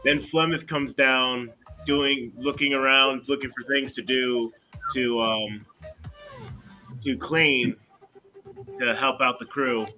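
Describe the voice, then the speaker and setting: A man narrating his characters in a tabletop game, his voice very bright and his pace slow. He rambles and halts, restarting his sentences. Music plays faintly behind him. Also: mid-range voice, steady tone. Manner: rambling, halting with fillers and restarts. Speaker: player.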